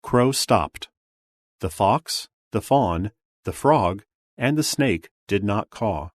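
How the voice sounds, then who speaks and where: A man reading a children's picture book aloud, slow, clear and expressive. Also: on the low side, no room sound. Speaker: storybook reader.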